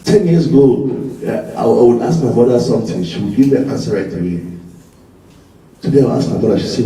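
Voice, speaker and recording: A man giving an animated speech to a live audience, repeating himself and asking rhetorical questions. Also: mid-range voice, brisk, slight background noise. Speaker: conference speaker. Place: large conference hall. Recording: echoey hall from far off.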